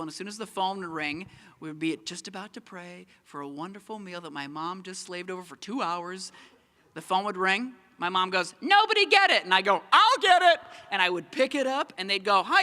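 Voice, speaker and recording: Young man doing animated stand-up. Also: high voice. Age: young adult. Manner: animated, self-mocking. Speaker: stand-up comedian. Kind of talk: stand-up comedy set.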